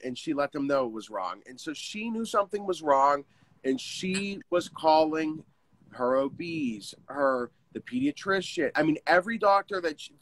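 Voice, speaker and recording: A man shares a painful story over a video call. He speaks in a fairly high voice and keeps starting over, halting and earnest. The sound is close and dry, with no room around it. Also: fairly bright tone, no room sound. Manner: halting, many restarts, earnest. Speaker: interview guest. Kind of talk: candid personal storytelling.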